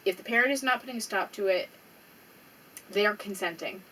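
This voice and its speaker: A woman's voice: mid-range voice, fairly quick, pushed and bright. A young adult woman vlogging to her small audience, emotional and rambling, swearing often and fighting back tears. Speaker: small YouTuber. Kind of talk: casual vlog. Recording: slightly distant mic with faint background noise.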